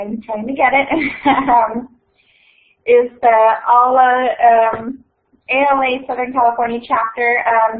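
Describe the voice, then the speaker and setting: Young woman hosting over an echoey call. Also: fairly high pitch. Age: young adult. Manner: chatty, many fillers, unhurried. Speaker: event host and reader. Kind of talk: casual hosting and book reading. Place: at home on a video call. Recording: echoey tinny online call audio.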